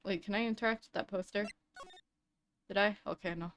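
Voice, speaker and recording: Jokey woman streamer, bright voice. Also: mid-range voice, fairly even intonation, a little fast, soft background music. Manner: jokey, offhand asides. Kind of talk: casual gameplay commentary.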